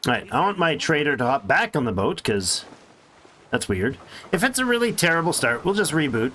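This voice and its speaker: A man's voice: fairly high pitch, big pitch swings, fairly quick, bright, forceful tone, a little hiss or hum. A man casually commenting on his strategy game as he plays, chatty and thinking aloud with little jokes to himself. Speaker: let's play streamer.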